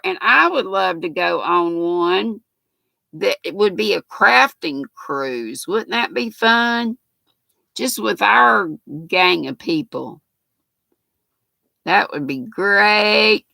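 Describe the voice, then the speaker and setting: A woman's voice: mid-range voice, creaky, bright, forceful tone, no room sound. An older woman with a North Carolina Southern accent, chatting folksily and laughing as she hosts a live stream and reads out viewer comments. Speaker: livestream host. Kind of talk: casual live chat reading viewer comments.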